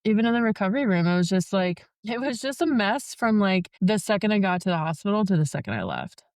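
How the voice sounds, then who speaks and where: A woman's voice: mid-range voice, lively intonation, fast talker, no room sound, studio quality. A young woman telling her story as a podcast guest in casual chat, full of "like" fillers. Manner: chatty, many "like" fillers.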